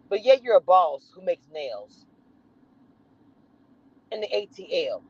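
Livestreaming from her car, a Southern US woman chats with her viewers, animated, sassy and laughing. Her voice is lowish and husky, slow with long pauses, and the lo-fi stream audio sounds dull.

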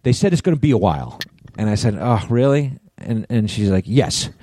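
A man's voice: on the low side, quick pace, husky, no room sound. A man co-hosting a podcast, telling a long story in casual chat, swearing freely and acting out the people in it. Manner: profane, animated storyteller acting out both sides of a quarrel. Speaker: podcast co-host.

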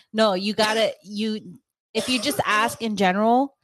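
A woman's voice: mid-range voice, takes it slowly, a bit bright, dry recording. A woman co-hosting a podcast, talking casually and easygoing, often laughing. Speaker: podcast co-host. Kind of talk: casual chat.

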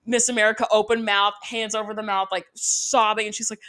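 A woman's voice: mid-range voice, level tone, fairly quick, pushed and bright. A young woman hosting a podcast, recapping an episode in casual, chatty talk with sarcastic asides and lots of "like". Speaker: podcast host.

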